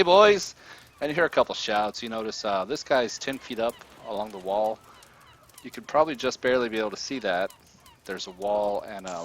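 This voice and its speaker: A man running a tabletop game as game master, narrating scenes in a relaxed, descriptive way. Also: on the low side, slight background noise.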